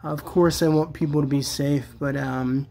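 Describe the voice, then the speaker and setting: Casual vlogger reviewing collectibles, chatty and eager, mid pitch. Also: fairly even intonation, normal speed, vocal fry, dark tone. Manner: chatty and enthusiastic, many fillers. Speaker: toy collector reviewing action figures. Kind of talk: casual product review vlog.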